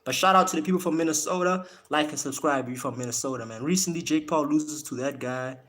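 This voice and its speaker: A man's voice: a little high, fast talker, a bit bright. Man streaming boxing talk. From South Africa. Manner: loose, repeats words when he restarts. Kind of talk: casual live-stream commentary.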